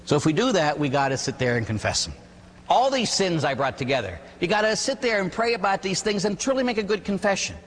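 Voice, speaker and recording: A man who is a priest, giving an animated sermon and acting out quotes, often ending lines with "huh?". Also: high voice, quick pace. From Pittsburgh area, USA. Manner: animated storytelling with acted quotes and "huh?" tags. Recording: long hall reverb.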